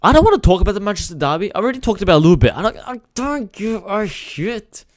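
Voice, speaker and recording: A very animated man talks fast while hosting a casual football live stream, complaining to viewers and swearing freely in frustration. His pitch rises and falls widely with each complaint. The audio is close and dry, without room echo.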